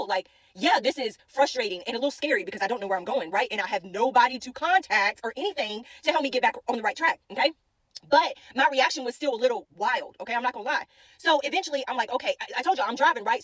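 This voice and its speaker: Young woman, devotional storyteller, rapid chatty delivery with constant check-ins, slightly high voice, dry close sound. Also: fairly bright tone, no room sound. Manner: chatty, keeps checking in with the listener. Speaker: faith content creator.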